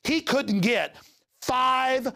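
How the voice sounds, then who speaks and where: A man's voice: extremely high pitch, extremely slow, vocal fry, pushed and bright. A middle-aged man hosting heated news commentary, ranting in an agitated way and repeating words as he gets worked up. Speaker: host.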